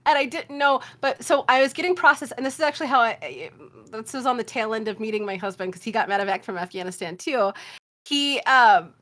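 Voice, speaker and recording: A woman in her thirties, a podcast guest, telling stories in casual chat, animated and swearing, laughing often. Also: on the high side, brisk. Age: 30s.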